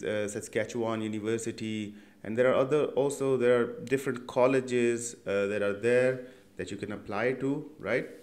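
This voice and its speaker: A young man hosting an education channel, talking through a screen-share tutorial in a casual, conversational way with many fillers and "right?" check-ins. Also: medium pitch.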